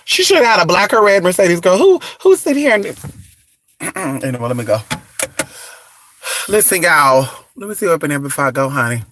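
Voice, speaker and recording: A man's voice: high voice, very animated, brisk, pauses often, a bit bright, slight background noise. A man from California ranting on a casual livestream, brash and profane, talking back to his viewers. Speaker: livestreaming vlogger. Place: indoors, not at home. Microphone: phone.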